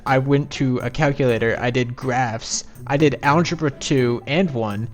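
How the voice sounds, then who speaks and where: A man's voice: medium pitch, measured pace. Man, let's-play host, casual game commentary, exasperated, self-mocking, faint background music.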